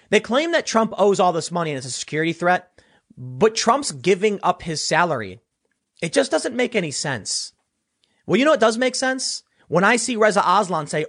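Man, high voice, very lively pitch, sarcastic political commentary host, reads news aloud. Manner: animated, sarcastic, mocks people in put-on quoted voices.

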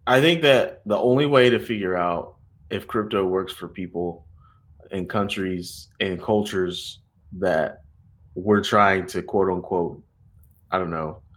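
Blunt, sardonic low-voiced man. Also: a bit bright. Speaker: podcast co-host. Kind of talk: roundtable debate.

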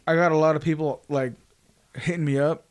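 A man's voice: on the high side, steady tone, a little fast. A man co-hosting a casual podcast, loose and profane, often breaking into laughter as he tells stories. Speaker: podcast co-host. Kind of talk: casual chat.

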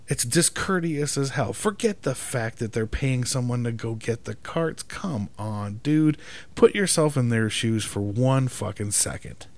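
Exasperated swearing man with animated pitch. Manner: exasperated, emphatic, swears constantly; keeps asking "right?" for agreement. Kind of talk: profane ranting monologue.

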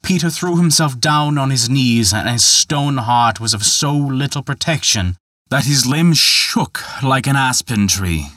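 A man's voice: lively intonation, measured pace, fairly bright tone, no room sound, clean studio sound. A man narrating a folktale in a scripted, dramatic telling. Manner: dramatic, raises pitch and volume for quoted characters. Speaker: storyteller.

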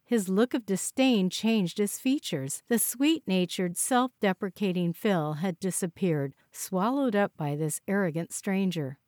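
A woman reading a novel aloud in steady, scripted narration on a close mic. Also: mid-range voice, a little slow, few pauses, no echo. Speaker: audiobook narrator.

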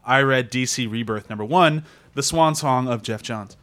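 A man hosting a casual podcast, talking excitedly and laughing often. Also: medium pitch, normal speed. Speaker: podcast host.

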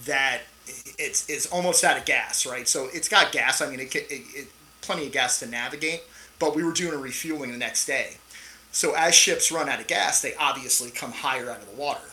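A middle-aged Navy veteran, guesting on a podcast, tells a story in a casual interview, animated and briskly paced, swearing freely and often tossing in "right?". His voice is medium-pitched and the recording is rough.

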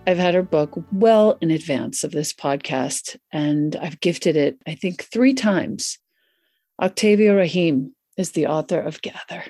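A woman hosting a podcast, introducing her guest in an effusive, excitable way and riffing casually. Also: sits low, measured pace, husky, dry recording, studio quality, soft background music. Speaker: podcast host. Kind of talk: warm podcast interview intro. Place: Santa Fe, US.

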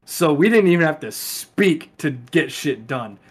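A man's voice: a little high, expressive, a little slow, breathy edge. A young man in his twenties, a soldier chatting casually on a podcast, emotional and laughing, heavy on swearing. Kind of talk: casual chat.

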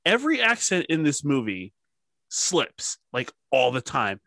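Animated man with a bright voice. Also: fairly high pitch, unhurried, no echo. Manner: animated, laughs often, swears. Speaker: podcast host. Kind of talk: casual chat.

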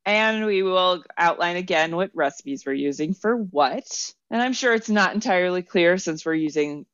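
A woman's voice: fairly low pitch, animated, normal speed, fairly bright tone, no room sound, muffled recording. A woman co-hosting a podcast, chatting casually while she cooks and explains the steps plainly, with some hesitant restarts. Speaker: podcast co-host. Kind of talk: casual chat while cooking.

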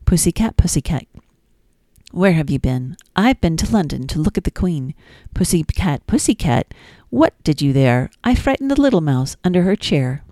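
A woman's voice: low-pitched, sing-song, moderate pace, mellow, dry recording. A woman hosting a children's podcast, reading nursery rhymes in a sing-song, playful way with little asides.

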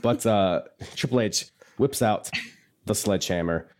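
A man's voice: lowish voice, unhurried, darkish tone. A man co-hosting a casual podcast, rambling through a wrestling recap, self-mocking and laughing easily. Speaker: podcast co-host.

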